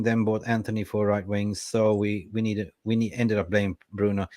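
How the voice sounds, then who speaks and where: Male fan-show co-host, young adult, low voice, lively chat-reader, dry mic. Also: moderate pace, no room sound. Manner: lively, reads viewer comments aloud. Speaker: co-host reading live chat. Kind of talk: casual football fan chat.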